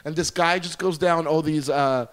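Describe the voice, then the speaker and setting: A man's voice: fairly high pitch, steady tone, moderate pace. A man co-hosting a podcast, chatting casually and rambling animatedly, swearing freely. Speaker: podcast co-host. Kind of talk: casual chat.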